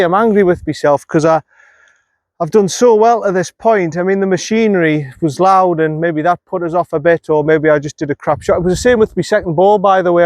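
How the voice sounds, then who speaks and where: This golf vlogger has a high, slightly mellow voice, recorded dry. Playing a round outdoors, he chats casually and self-critically, muttering to himself after his bad shots.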